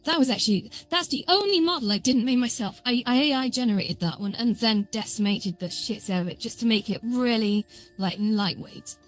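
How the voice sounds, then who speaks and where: A woman's voice: a little high, fairly quick, faint music behind. Rambling woman live-streaming while she codes. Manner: rambling and self-deprecating, lots of filler words. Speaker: streamer building a VR world. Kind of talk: casual live-stream commentary while coding.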